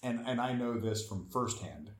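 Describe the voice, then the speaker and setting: A man's voice: medium pitch, lively intonation, moderate pace, echoey room. A man in casual conversation, talking bluntly and swearing freely. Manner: blunt and profane, with laughs. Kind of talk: casual chat.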